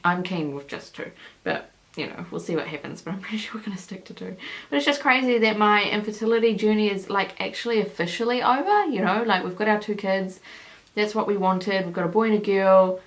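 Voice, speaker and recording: A woman's voice: mid-range voice, poor audio. A woman in her thirties from New Zealand, chatting casually to a camera while holding her newborn, rambling and emotional with many fillers. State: holding and breastfeeding a baby. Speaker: vlogger. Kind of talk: casual vlog chat.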